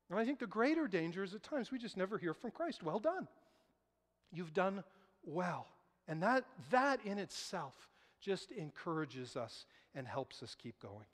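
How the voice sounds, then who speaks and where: High-voiced pastor in a reverberant hall. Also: male voice. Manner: conversational, rhetorical questions. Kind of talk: sermon. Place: church sanctuary.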